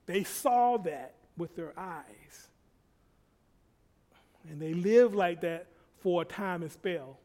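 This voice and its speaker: A man preaches a sermon in a high, ringing voice. He repeats key phrases again and again. His loudness swells and drops as he drives each point home. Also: slow, long pauses. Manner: repetitive, rising and falling in loudness.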